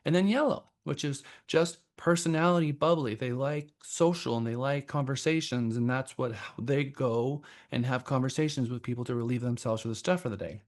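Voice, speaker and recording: A man teaching a sales class in a relaxed, conversational way, calling on people and asking questions. His voice sits at a mid pitch for a man. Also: fairly quick, few pauses. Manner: conversational, asks the group questions. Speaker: sales trainer. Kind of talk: classroom instruction.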